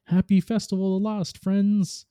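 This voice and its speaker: A man's voice: high voice, flat delivery, unhurried, warm tone, smooth, dry recording, clean studio sound, voice pushed up. A man voicing a cheerful, friendly male ghost robot who talks eagerly. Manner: upbeat, eager.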